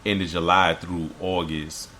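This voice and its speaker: A man co-hosting a casual podcast chat, animated, acting out quotes in a high voice. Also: measured pace, slight background noise. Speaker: podcast co-host.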